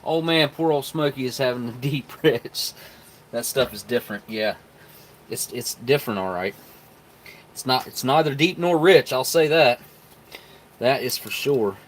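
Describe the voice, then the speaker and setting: A man's voice: mid-range voice, measured pace, long pauses, slight background noise. Folksy man chatting on a live stream. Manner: chatty, folksy, talks to viewers while tasting. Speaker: live stream host reviewing military rations. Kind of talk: casual live-stream chat.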